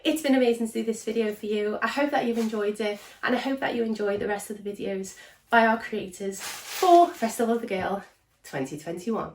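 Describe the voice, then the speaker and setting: Energetic woman counting dance beats. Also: on the high side, a little fast. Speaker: cheerleading instructor. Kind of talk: fitness class instruction. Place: indoor room with a mat. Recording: echoey room, distant mic, faint noise.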